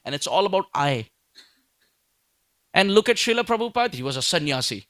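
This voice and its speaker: A man delivers a sermon in a somewhat high voice. He poses rhetorical questions, answers them himself, and hammers points home through repetition. The sound is dry and close. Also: big pitch swings, brisk, long pauses, fairly bright tone, no echo. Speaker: speaker at a devotional talk.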